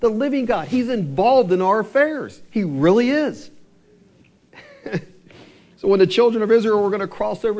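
Preaching man, slowing down for emphasis. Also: sits high, darkish tone. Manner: preaching with rhetorical questions to the congregation. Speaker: pastor. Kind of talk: sermon.

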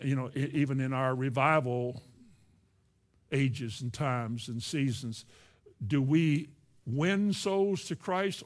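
A man preaching a sermon in an earnest way, slowing down on key words for emphasis and acting out the objections of reluctant churchgoers. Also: mid-range voice.

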